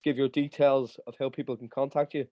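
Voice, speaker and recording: A man's voice: mid-range voice, flat delivery, fairly quick, no echo, lo-fi sound. A man hosting a podcast interview, appreciative and asking questions with hesitant fillers. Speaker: podcast host.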